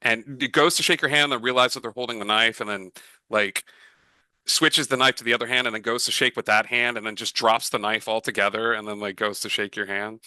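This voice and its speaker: Man narrating as game master, bright and dry. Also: lowish voice, fairly even intonation, fairly quick, smooth, no echo, poor audio. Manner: rambling, lots of fillers and restarts.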